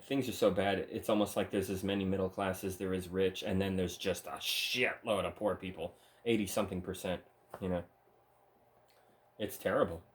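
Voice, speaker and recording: Male solo host, lowish pitch, scornful and profane, ranting monologue. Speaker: channel host.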